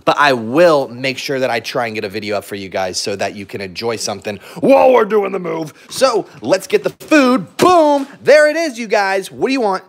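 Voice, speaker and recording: A man's voice: medium pitch, sing-song, brisk, vocal fry, hardly any pauses. A man hosting a casual live stream vlog from his home, upbeat and chatty, laughing often while moving around with his dogs. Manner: upbeat, chatty, talks straight to viewers. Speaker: channel host. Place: home, indoors and garage.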